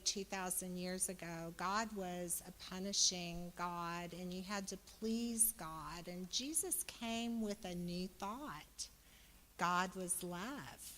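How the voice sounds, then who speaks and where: Slow-preaching woman in a church hall. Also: on the low side, slight background noise. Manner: slow, gentle preaching that turns loud and exuberant when leading the congregation. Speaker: speaker giving a Sunday talk. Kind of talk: sermon. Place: church sanctuary.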